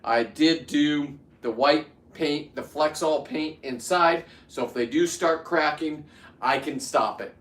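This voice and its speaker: A man's voice: fairly high pitch, takes it slowly, a bit bright. Fifties guy rambling at the camera while he works, restarts a lot, echoey room, mic kinda far. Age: 50s. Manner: rambling, restarts, heats up into ranting. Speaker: vlogger. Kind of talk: casual talk to camera while working.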